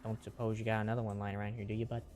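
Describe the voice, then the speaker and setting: Man, low voice, casual game commentary, chatty self-talk, soft music behind. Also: little pitch movement, racing. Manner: chatty self-talk with mild minced oaths. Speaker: streamer.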